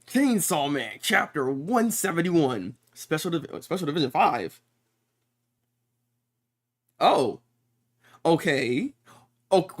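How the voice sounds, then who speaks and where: A man commenting live as he reads a new chapter, and his voice leaps from low mutters to sharp exclamations. He swears casually and trips over restarts as things catch him off guard. He is speaking in an untreated room with some echo. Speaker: manga reaction streamer.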